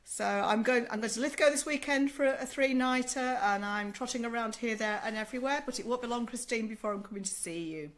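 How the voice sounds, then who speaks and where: A woman's voice: fairly high pitch, a little fast, hardly any pauses. Chatty motherly Australian grandma-age woman. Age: older. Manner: chatty, motherly, calls viewers "love", keeps adding "okay?". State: voice recovering from a sore throat. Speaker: sleep consultant answering live questions. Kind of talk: casual live-stream Q&A.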